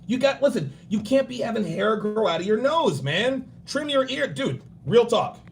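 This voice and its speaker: Man in his forties, high voice, blunt profane livestream host, faint background hiss. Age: 40s. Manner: blunt, animated, acts out others in quick bursts.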